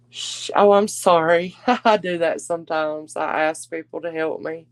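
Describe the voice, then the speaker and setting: A woman's voice: low voice, fairly even intonation, unhurried, few pauses, no room sound. A woman hosting a live-stream jewelry auction, chatting with viewers and calling them darling. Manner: chatty, warm endearments to viewers.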